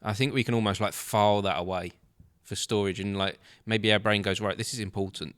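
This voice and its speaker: A middle-aged man hosting a podcast, talking in a measured, reflective way. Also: fairly low pitch, fairly even intonation, clean tone, no room sound, clean studio sound. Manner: reflective, measured, warm reminiscing. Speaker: podcast host. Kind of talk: casual chat.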